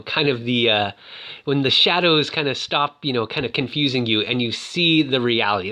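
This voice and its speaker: A man's voice: mid-range voice, bright, forceful tone. A man casually talking about toys, rambling with lots of fillers. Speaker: toy reviewer. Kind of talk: casual chat.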